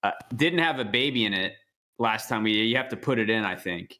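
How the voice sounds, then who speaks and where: Male co-host with a bright, forceful tone, dry and opinionated in casual banter. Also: on the low side, fairly quick. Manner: dry, firm opinions, deadpan jokes. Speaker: podcast co-host.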